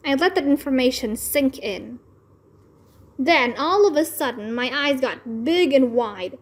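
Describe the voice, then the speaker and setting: Slow, expressive woman reading a kids' book. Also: sits high. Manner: expressive, deliberate storytelling. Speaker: read-aloud channel host. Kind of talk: children's book read-aloud narration.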